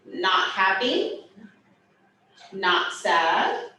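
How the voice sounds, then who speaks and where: At medium pitch, a woman takes her sign language students, some in the classroom and some on video, through each sign slowly. She's animated and playful in her asides, and the audio carries a roomy echo, distance from the mic, and soft room noise.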